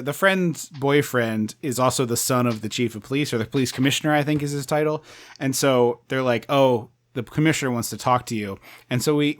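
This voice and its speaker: A podcast co-host with a very lively, swooping voice recaps a movie in casual chat. They laugh often and slip into exaggerated character voices. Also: medium pitch.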